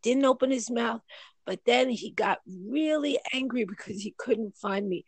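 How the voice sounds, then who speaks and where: A woman telling family stories in casual chat, animated and lively with acted quotes. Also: on the high side, measured pace, slightly rough, no room sound.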